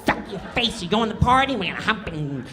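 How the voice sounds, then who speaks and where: A man's voice: high voice, very animated, fast, crowd noise, voice pushed up. A man voicing a crude male sketch character who rambles through sleazy come-ons.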